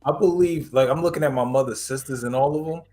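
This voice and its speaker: A man co-hosting a casual discussion, telling a family story in a relaxed, conversational way. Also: medium pitch, fast. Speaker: podcast co-host.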